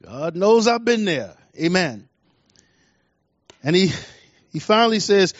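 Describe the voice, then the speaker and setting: A man's voice: high voice, big pitch swings, slow pace, pauses often, no room sound. Emphatic middle-aged male preacher, dull dry sound. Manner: emphatic, repeats key lines, swings from soft to loud. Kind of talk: sermon.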